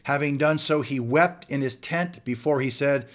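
A man delivers a sermon with earnest emphasis, leaning on repetition to drive his points home. His voice sits at an ordinary middle pitch for a man. He addresses the listeners directly, like a preacher from the pulpit. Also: normal speed.

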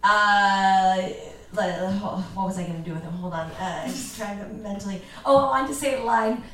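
A woman's voice: mid-range voice, moderate pace, a little hiss or hum. A woman playing in a tabletop game, playful and giggly. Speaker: player. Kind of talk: casual tabletop game play. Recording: echoey room, distant mic.

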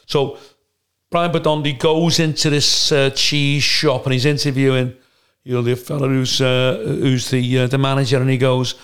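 A man's voice: medium pitch, level tone, moderate pace, a bit bright. A man from the United Kingdom hosting a casual podcast chat, a blunt storyteller who swears freely. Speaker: comedian and podcast host.

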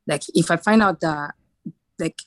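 A woman with a fairly low voice speaks frankly on a casual podcast, weighing out her opinion as she goes. Her sound is dry and close to the mic. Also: no room sound. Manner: frank, opinionated, quick reasoning.

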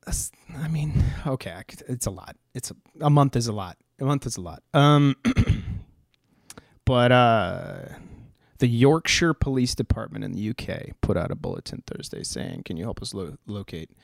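A man's voice: mid-range voice, animated, normal speed, creaky, dry recording, studio quality. An American man rambling through news in a casual, profane, joking way, full of fillers and restarts. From United States.

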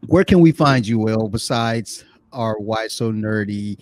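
A man's voice: lowish voice, unhurried, darkish tone, no room sound. A man hosting a podcast, chatting casually in a laid-back, easygoing way. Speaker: podcast host.

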